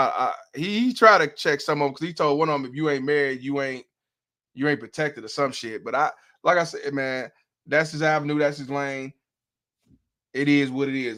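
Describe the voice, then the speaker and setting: A man's voice: mid-range voice, a bit bright. A man hosting a live stream, reacting to a clip with blunt, profane commentary and frequent laughter. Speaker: host.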